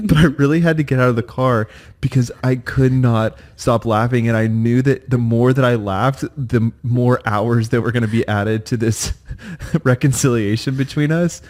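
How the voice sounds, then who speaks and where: A man's voice: mid-range voice, normal speed, a little mellow. A man in his thirties co-hosts a casual podcast chat with a mid-range voice. He tells stories in a playful, teasing way and laughs easily along the way. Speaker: podcast co-host.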